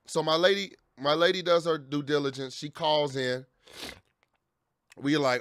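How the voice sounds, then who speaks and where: Angry vlogger dad, high voice, dry close sound, profane rant full of restarts. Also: male voice, steady tone, unhurried, a bit bright, clear, resonant tone, no echo. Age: adult with children. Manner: heated, profane, repeats and restarts phrases.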